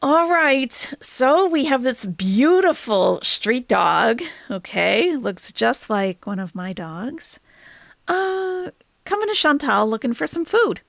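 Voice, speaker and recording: A woman's voice: high-pitched, expressive, takes it slowly, gravelly, no echo. A woman hosting a casual reaction livestream, chatty and blunt, reading viewer comments. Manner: chatty, swings from soft sympathy to blunt profane ranting.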